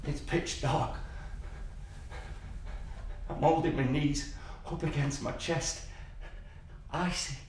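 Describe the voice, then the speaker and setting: A man's voice: fairly high pitch, fairly even intonation, slow, long pauses, slight background noise. An actor playing a violent, menacing father who recalls a brutal childhood, in a brooding stage monologue. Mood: tense, bitter. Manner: brooding and menacing, flaring into manic shouting. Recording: echoey hall, voice from far off.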